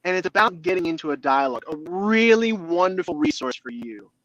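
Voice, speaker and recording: Expressive and brisk, a motivational interview guest with a fairly high-pitched voice acts out his inner dialogues in different voices. The recording is dry and rough.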